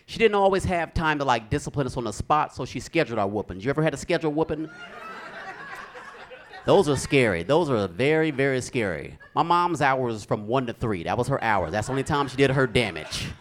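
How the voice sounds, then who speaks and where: A man doing stand-up comedy, telling animated stories with sound effects on stage. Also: mid-range voice, fairly quick, a little hiss or hum.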